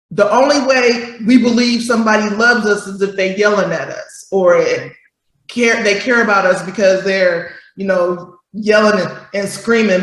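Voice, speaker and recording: Slow-talking woman co-host in a roomy space. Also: mid-range voice. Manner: explains slowly, then acts out quoted voices. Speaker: talk show co-host. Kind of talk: casual chat, reading definitions aloud.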